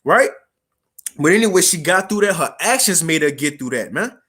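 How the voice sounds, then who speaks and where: A man preaching a casual street sermon, reading scripture slowly and formally, then explaining it in slang and checking in with his listeners. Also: a little high, animated, pushed and bright, husky.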